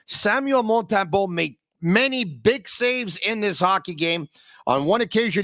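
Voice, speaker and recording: A man hosting a hockey podcast, talking with excitable energy and sudden swings in pitch. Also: dry recording, studio quality. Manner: excitable, sings and shouts bits, big pitch swings. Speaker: podcast host. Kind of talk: energetic sports talk.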